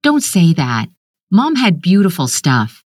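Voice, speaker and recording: A woman's voice: on the low side, huge pitch swings, takes it slowly, slightly rough, dry recording, studio quality, exaggerated voice. A woman reading the lines of a shaken grown son pressing his family with urgent questions.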